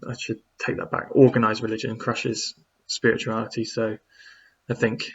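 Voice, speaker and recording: A man's voice: mid-range voice, monotone, normal speed, vocal fry, slightly rough. Rambling man chatting on a lo-fi stream. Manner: rambling, reads out chat messages with many fillers. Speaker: streamer answering viewer questions. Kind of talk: casual live-stream chat.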